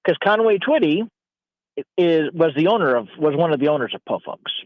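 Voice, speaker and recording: A man's voice: on the high side, very animated, brisk, no echo. A man who is a Navy veteran, calling in to a show and telling a long, rambling story with many restarts. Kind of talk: casual chat. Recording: tinny phone line.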